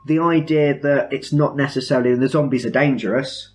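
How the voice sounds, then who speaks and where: A man's voice: medium pitch, steady tone, fairly quick, a little mellow, a little hiss or hum. A man hosting a podcast, explaining things in an enthusiastic, rambling way with self-mocking asides. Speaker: podcast host. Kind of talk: casual chat among friends.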